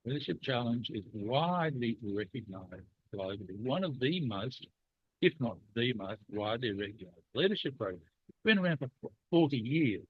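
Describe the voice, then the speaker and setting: A man's voice: mid-range voice, very animated, normal speed, breathy edge, no echo. A man with a cold hosting a leadership discussion, chatty and playfully teasing. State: has a cold. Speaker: leadership program host. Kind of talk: casual podcast discussion. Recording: dry, tinny phone-like line.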